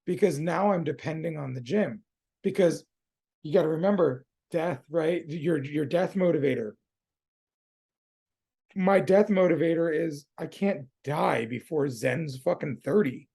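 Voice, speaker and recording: A man's voice: on the high side, unhurried, gravelly, darkish tone, slightly rough. A man hosting a podcast in casual conversation, laid-back and slangy, swearing freely. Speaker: podcast host.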